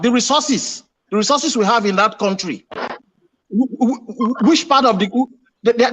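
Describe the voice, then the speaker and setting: A man's voice: sits high, a bit bright. A man in a heated online debate, insistent and repeating himself when he is cut off. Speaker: panel participant.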